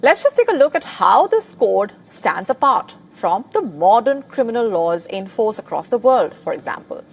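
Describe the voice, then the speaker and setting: A woman presenting a scripted news report in a measured, formal delivery. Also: fairly high pitch, big pitch swings, husky.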